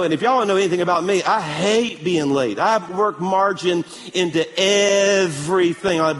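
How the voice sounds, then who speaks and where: A male pastor preaching a sermon in a church, telling stories with animated energy and calling for amens. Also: high-pitched, normal speed, few pauses, big-room sound. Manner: animated storytelling, calls for amen.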